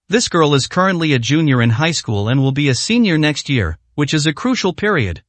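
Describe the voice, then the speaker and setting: Man narrating a story, lively pitch. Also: fairly quick, hardly any pauses, no room sound.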